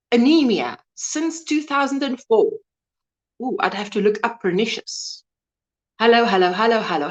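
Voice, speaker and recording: A South African woman with a high, slightly bright voice hosts a relaxed live stream, greeting viewers and reading their comments out loud. The stream audio is dull and lo-fi.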